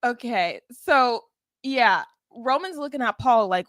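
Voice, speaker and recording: A young woman co-hosting a podcast, casually retelling events in an animated way, acting out what people said. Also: fairly high pitch, slow pace, no room sound. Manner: chatty, animated retelling with quoted asides. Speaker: podcast co-host. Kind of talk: casual chat recapping wrestling.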